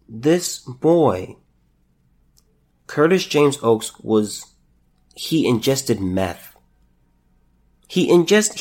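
A man hosting a solo podcast, talking in a halting, emotional way, repeating words as he holds back tears. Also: on the high side, a little mellow. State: close to tears. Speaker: podcast host.

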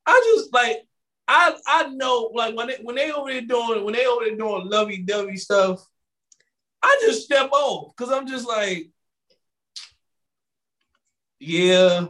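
A man hosting a podcast in casual chat, telling animated stories and acting out both sides of conversations into a microphone. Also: very high-pitched, normal speed. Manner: animated storytelling, acting out exchanges with quoted voices. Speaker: podcast host. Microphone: studio microphone.

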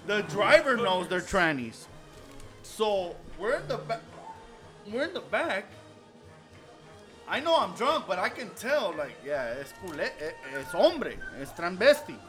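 A man's voice: sits high, big pitch swings, unhurried, fairly bright tone. A man telling a story to friends in casual chat, profane and laughing, mixing Spanish slang into his English. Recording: music playing behind.

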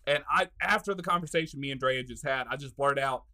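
A man on a casual podcast, telling profane stories loudly and laughing through them. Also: medium pitch, fast talker. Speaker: podcast co-host. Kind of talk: casual storytelling chat.

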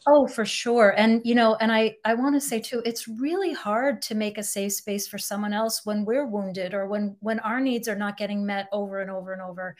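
A woman's voice: mid-range voice, steady tone, moderate pace, hardly any pauses. A middle-aged woman, a couples therapist, explaining ideas in a podcast interview and acting out example quotes.

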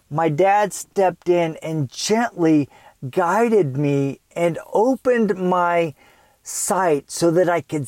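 An earnest man with a high, light voice tells a personal story and acts out parts of it with animation. The sound is dry and close, with no room echo. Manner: earnest, animated when retelling, acts out his child self. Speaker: parenting speaker.

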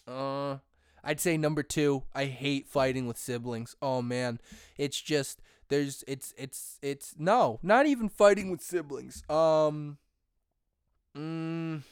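A young man hosting a casual comedic rant, excitable and quick to get fired up. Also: medium pitch, clear, resonant tone, no echo, clean studio sound. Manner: excitable, builds to shouting when fired up. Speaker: host.

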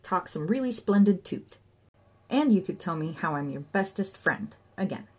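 A woman's voice: on the low side, lively intonation, moderate pace, slightly rough. A woman reading an audiobook voices a hairy, mischievous imaginary male companion who needles his friend in a playful, sly manner. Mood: teasing.

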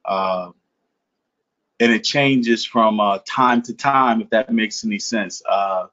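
A man from New Jersey answers as a podcast guest in a relaxed, reflective way, pausing often and circling back to his thoughts. His voice sits in a medium range. The recording is slightly dull and lo-fi. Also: fairly low pitch. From Newark, New Jersey. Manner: relaxed, reflective, many fillers and restarts. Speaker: interview guest. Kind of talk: casual conversation.

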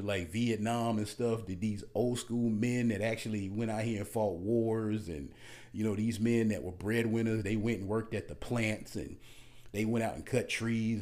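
A man's voice: lowish voice, darkish tone. A man talking straight to his audience in a casual, ranting monologue, blunt and emphatic, repeating words as he gets worked up.

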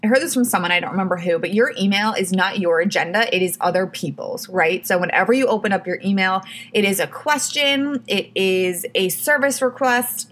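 A woman's voice: mid-range voice, fairly bright tone. A woman hosting her own podcast, giving casual advice in a chatty way, full of "like" and "you know". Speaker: podcast host.

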